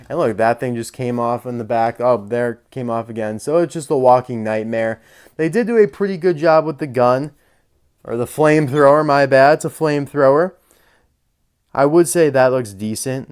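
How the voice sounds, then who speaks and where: A man's voice: mid-range voice, a little mellow, clean tone. A young man casually reviewing die-cast toys, chatty and openly annoyed by poor quality. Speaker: toy reviewer. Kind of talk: casual toy review vlog.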